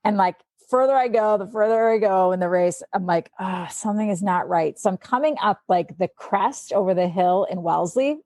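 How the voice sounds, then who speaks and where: A woman in the middle of her pitch range tells a story on a podcast guest spot, rattling it off with "like" in every line and playing out what everyone said. The sound is dry and close, with no room around it. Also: normal speed, hardly any pauses, no echo. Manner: chatty, fills speech with "like"; animated, acts out quotes. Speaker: sports anchor guest. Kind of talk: casual storytelling.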